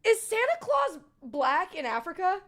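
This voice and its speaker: A woman streamer in casual on-stream chat, her voice high and swinging widely in pitch. She talks excitably, swearing and laughing as she goes. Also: unhurried.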